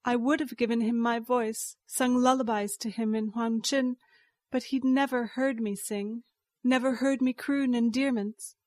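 Woman narrator, higher voice, unhurried, dry studio read. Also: steady tone, a little mellow, dry recording. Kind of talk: scripted story narration.

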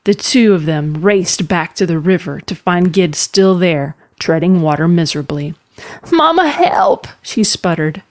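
A woman narrating a fantasy story in a calm, measured storytelling manner. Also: lowish voice.

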